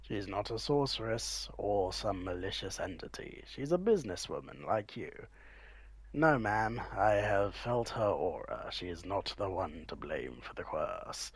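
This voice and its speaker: Slow-talking man streaming a game. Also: low-pitched, expressive, slightly rough, no echo. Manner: playful, often drops into a whisper and laughs. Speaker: gameplay streamer. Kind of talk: let's play commentary, reading choices aloud.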